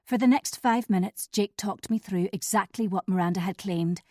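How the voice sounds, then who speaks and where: A woman telling a first-person thriller audiobook in a measured, steady way, on a close mic. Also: medium pitch, no room sound. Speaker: audiobook narrator.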